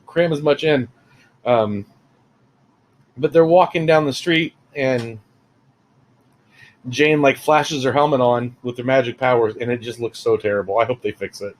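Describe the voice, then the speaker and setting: A man's voice: mid-range voice, slight background noise, poor audio. A man giving a casual, rambling spoiler review of a film, full of fillers and asides. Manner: rambling, chatty, many fillers.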